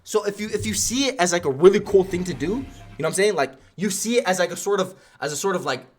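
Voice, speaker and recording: A man's voice: high voice, fast, faint music behind. A young man livestreaming, giving casual slang-heavy advice to his chat and telling stories. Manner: slangy, animated, storytelling with asides.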